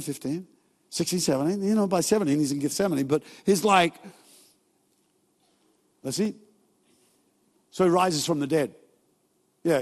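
A male pastor giving a sermon in a church, telling stories in a casual, joking way with quick asides. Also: high voice, a little mellow. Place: large church hall. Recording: long reverb from a church hall.

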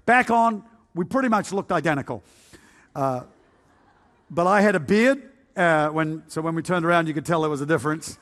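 A man delivers a humorous testimony sermon, spinning his story with self-mocking exaggeration and plenty of hesitant uhs. His voice sits a little high for a man. It rings out with a long reverb, as in a large hall. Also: moderate pace, pauses often, fairly bright tone. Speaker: preacher giving testimony.

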